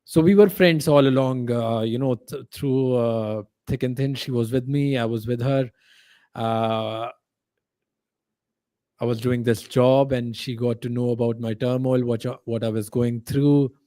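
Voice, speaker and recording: A man from India, a podcast guest telling a personal story in a halting way, full of fillers and restarts. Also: mid-range voice, steady tone, mellow, no echo.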